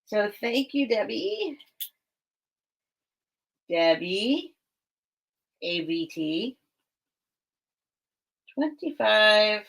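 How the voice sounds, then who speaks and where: Chatty slow-talking woman with gravelly voice. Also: medium pitch, sing-song, fairly bright tone. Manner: chatty, self-interrupting, reads out bids. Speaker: online live-sale seller. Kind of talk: casual live-stream selling chat.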